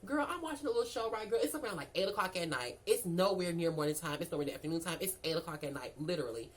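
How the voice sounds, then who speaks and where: A young woman with a lowish voice tells a casual storytime tale, fast and profane, acting out both sides of every conversation. Her delivery is loose and chatty, and the recording is rough.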